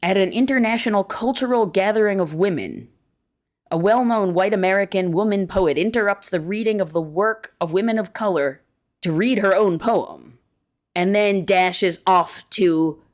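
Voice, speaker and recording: A woman reading an essay aloud in a measured, deliberate way, slowing down to stress key words. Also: medium pitch. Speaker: reader of an essay.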